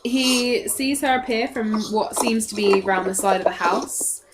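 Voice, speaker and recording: A woman's voice: a little high, unhurried, heavy background noise. A woman as game master, narrating scenes in a descriptive, matter-of-fact way.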